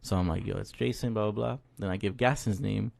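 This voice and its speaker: Man, low pitch, gravelly, dry close mic, casual podcast storytelling, crude slang. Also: fast, dry recording. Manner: laughing, animated retelling with crude slang. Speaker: podcast co-host. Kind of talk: casual storytelling among friends.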